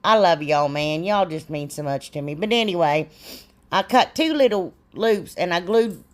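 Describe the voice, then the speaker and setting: A woman's voice: lowish voice, animated, moderate pace. A middle-aged woman, rambling and self-deprecating as she explains a craft in a casual tutorial. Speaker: DIY crafts channel host.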